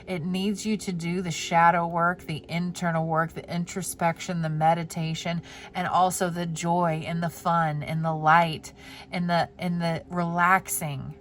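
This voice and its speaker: A woman giving a pick-a-card tarot reading in a gentle, heartfelt way. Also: on the low side, little pitch movement, a little slow. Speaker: tarot reader.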